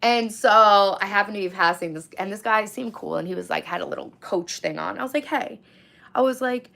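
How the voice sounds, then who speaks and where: A woman in her thirties, hoarse from screaming, chatting casually on a phone live-stream and ranting bluntly with plenty of swearing. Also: mid-range voice, brisk, bright, forceful tone. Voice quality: gravelly. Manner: blunt, profane, ranting storyteller.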